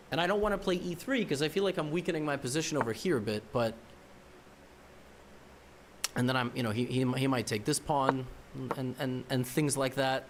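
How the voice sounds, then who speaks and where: A man's voice: mid-range voice, slight background noise. A man streaming a chess game, thinking aloud and muttering to himself, repeating words as he works through moves and now and then teasing his opponent. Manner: wry teasing banter at the opponent.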